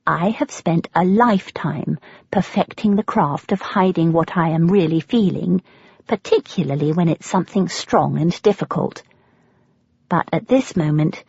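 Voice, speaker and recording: Husky English woman reading a memoir. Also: fairly low pitch, a little mellow, no echo, lo-fi sound. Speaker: audiobook narrator. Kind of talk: memoir audiobook narration.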